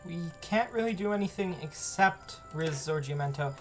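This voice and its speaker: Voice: medium pitch, lively intonation, moderate pace, fairly bright tone, soft background music. A streamer chatting casually while playing a strategy game, often reading on-screen text aloud. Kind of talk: casual live game commentary.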